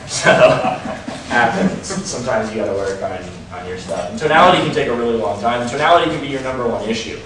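A man's voice: medium pitch, brisk, a crowd in the background. Man lecturing in an echoey room. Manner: casual, frequent ums and likes. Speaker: dating coach. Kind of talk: casual seminar lecture. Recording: roomy echo, mic far off.

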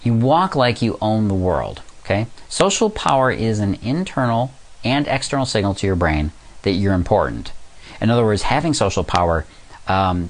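A man giving casual dating advice, acting out other guys' lines as he talks. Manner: animated, acts out quoted guys in a higher voice. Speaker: dating coach. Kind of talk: casual instructional monologue.

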